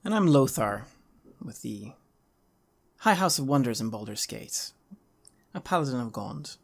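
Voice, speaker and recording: A woman's voice: a bass voice, expressive, unhurried, gravelly. A woman player speaking in character in a hesitant, uncertain way.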